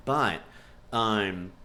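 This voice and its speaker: A man talking through a fantasy episode breakdown, animated and excitable, and he laughs often. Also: lowish voice, extremely slow. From Texas. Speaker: show reviewer.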